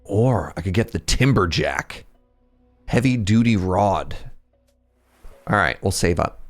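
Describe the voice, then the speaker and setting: A man's voice: sits low, lively intonation, slow, soft background music. A man with a Pacific Northwest Canadian accent, chatting casually and rambling as he answers viewer questions while playing a game on a live stream.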